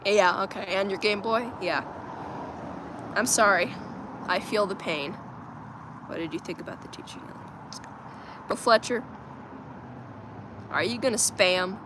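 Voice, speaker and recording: A woman's voice: mid-range voice, a little slow, pauses often, background noise. A woman livestreaming from home on her phone, chatting casually with viewers, reading their comments aloud and laughing often. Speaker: livestream host.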